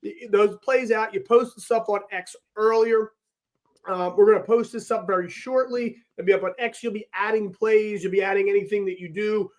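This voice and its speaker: A man's voice: high voice, steady tone, normal speed. A man co-hosting a betting show, chatting casually and cheerfully backing up the host. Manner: upbeat, agreeable sidekick. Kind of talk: casual podcast chat.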